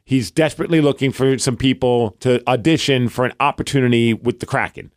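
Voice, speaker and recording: A man with a New York accent, co-hosting a casual podcast. He tells a long story at an everyday pitch and keeps breaking into the voices of the people he quotes. The sound is dry, with no room echo. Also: fairly quick. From Brooklyn, New York. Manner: rambling, acts out quoted dialogue. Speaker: podcast co-host.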